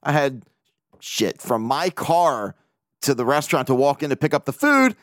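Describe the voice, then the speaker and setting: A man's voice: medium pitch, sing-song, normal speed, a bit bright, no room sound, studio quality. A man hosting a casual solo podcast, rambling and joking, swearing freely as he talks. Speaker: podcast host.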